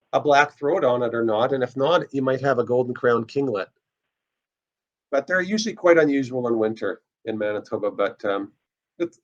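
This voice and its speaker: A man teaching a casual online birding lesson, explaining step by step as he plays bird recordings. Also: a little high. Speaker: birding instructor.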